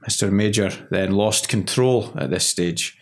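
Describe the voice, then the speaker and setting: A man's voice: fairly low pitch, measured pace. A man co-hosting a legal podcast in casual chat, with dry, joking asides. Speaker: podcast co-host.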